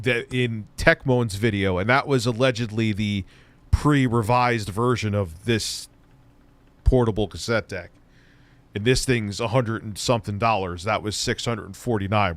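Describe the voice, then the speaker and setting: In a casual, profane live stream from his home, a tech commentator talks bluntly and sarcastically while a bit stoned, his voice lower than it usually is. It's fairly low in pitch and a bit bright, at a measured pace, with no room sound.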